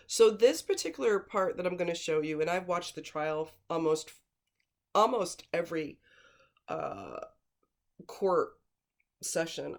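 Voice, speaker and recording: A true-crime commentator talking casually and bluntly, stressing points by repeating words, wandering off into asides. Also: mid-range voice. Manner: rambling, with digressions and fillers; blunt and scornful.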